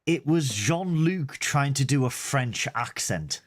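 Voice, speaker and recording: A man's voice: mid-range voice, expressive, takes it slowly. A man co-hosting a casual review show. He sounds exasperated and theatrical, and swears freely. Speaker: podcast co-host.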